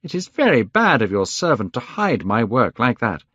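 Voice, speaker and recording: A man reading aloud, voicing a gentle, devoted male painter who speaks in a raised, earnest, coaxing tone. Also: medium pitch, sing-song, moderate pace, breathy edge, no room sound. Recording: dull, dry lo-fi recording.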